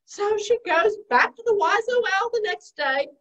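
A woman's voice: extremely high pitch, lively intonation, unhurried, fairly bright tone. A woman librarian telling a children's story in a playful, sing-song way, with sound effects. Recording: distant, dull lo-fi sound.

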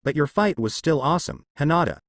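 A man's voice: a little high, very animated, brisk, dry recording, studio quality. A man reading the lines of a brash, cocky teenage boy ninja in a fan fiction story, in nearly his own voice.

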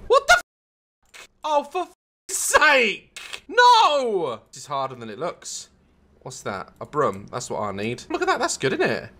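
Frantic swearing gamer. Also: male voice, fairly high pitch, wildly swooping pitch, measured pace, sharp tone. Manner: frantic, swears constantly, yelps and cackles at mishaps. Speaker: gaming YouTuber. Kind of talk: comedic gameplay commentary.

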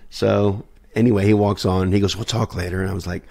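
A man's voice: on the low side, steady tone, a little fast, creaky, darkish tone. A man, a guest musician, telling stories in a podcast interview, acting out quoted dialogue and laughing often. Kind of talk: anecdotal storytelling in a podcast interview.

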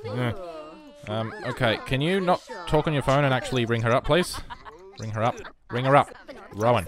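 An excitable man, rambling through casual gameplay commentary and bursting into shouts. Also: medium pitch. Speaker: game streamer.

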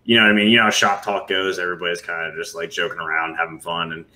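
A man's voice: sits low, little pitch movement, racing, sharp tone, poor audio. A man guesting on a talk show, rambling casually with lots of fillers and a slightly nervous manner. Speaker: guest glassworker. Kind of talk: casual interview chat.

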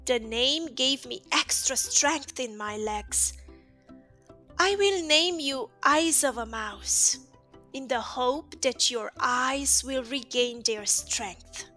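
A woman's voice: high voice, slow pace, sharp tone, faint music behind, heavily acted. Woman voicing a small, brave, earnest mouse. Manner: earnest, polite.

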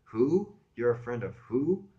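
A man's voice: mid-range voice, lively intonation, brisk, lo-fi sound, pitched above the performer's own voice, natural voice. A man reading a book aloud, voicing a brusque woman woken late at night who snaps at first and then turns coy. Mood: irritated. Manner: raised, prickly, then coy. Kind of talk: audiobook reading.

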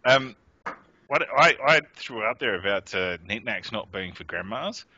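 Man co-host, very deep but forceful voice, teasing and jokey; dull, dry home-mic sound. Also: animated, a little slow, background noise. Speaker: podcast co-host. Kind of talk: casual gaming podcast chat.

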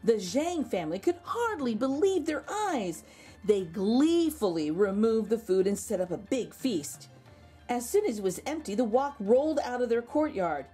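A woman reading a children's picture book aloud, expressive with gentle asides. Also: a little high, normal speed, breathy edge, faint music behind.

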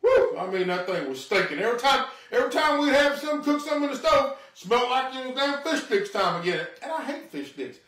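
A man with a drawl rambles through a comedy bit in a folksy, self-mocking way. His voice sits high and bright, swinging all over the place. It sounds roomy and a little off the mic, as if filmed in a living room. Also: big pitch swings, fairly quick, hardly any pauses, distant mic. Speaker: stand-up comedian. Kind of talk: home-filmed comedy monologue.

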